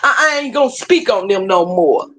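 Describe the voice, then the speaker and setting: A woman's voice: medium pitch, expressive, moderate pace, fairly bright tone, voice pushed down, lightly acted. A woman imitating a rival man, stammering his denials in a mocking voice.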